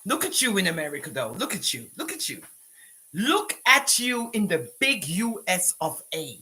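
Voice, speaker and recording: A woman's voice: fairly low pitch, sing-song, moderate pace, pushed and bright, breathy edge, low-quality recording. A woman with a Jamaican accent doing a live-stream commentary, scolding people and talking back to her chat with patois phrases mixed in.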